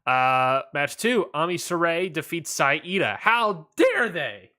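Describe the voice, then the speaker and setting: A man co-hosting a casual wrestling podcast, laid-back and rambling, often trailing off quietly at the ends of lines. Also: a little high, very animated, slow. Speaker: podcast co-host.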